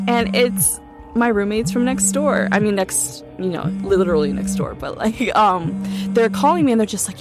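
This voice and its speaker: A woman's voice: mid-range voice, lively intonation, normal speed, over loud music. A young woman casually recounting a true ghost story in a chatty way, full of "like" and "um" fillers. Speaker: guest storyteller.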